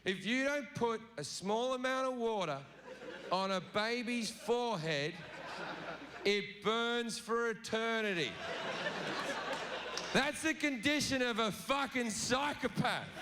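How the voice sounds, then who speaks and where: A middle-aged man performs stand-up, profane and provocative with a deadpan edge. His voice sits high for a man. Audience noise is clear behind him in a large venue. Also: slow pace. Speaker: stand-up comedian. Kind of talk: stand-up routine. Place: large theater stage. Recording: noisy live venue recording.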